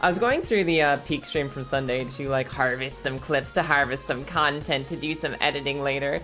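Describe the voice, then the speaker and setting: A woman streaming and chatting casually, her voice a bit hoarse and scratchy, laughing often and rambling. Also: rumbling low, moderate pace, a bit bright, faint music behind. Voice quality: scratchy throat.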